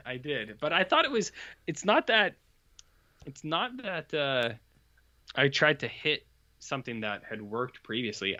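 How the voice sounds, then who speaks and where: Podcast cohost guy, bright tone, a bit dull sounding lo-fi mic, rambles on. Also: mid-range voice, dry recording. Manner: rambling, animated retelling with put-on quotes. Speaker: podcast co-host reviewing horror films. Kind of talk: casual chat.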